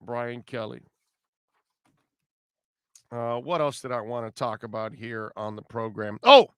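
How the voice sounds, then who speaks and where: A man's voice: medium pitch, a little slow, a bit bright, smooth, dry recording, clean studio sound. A man hosting sports talk radio, blunt and rambling, with sarcastic asides.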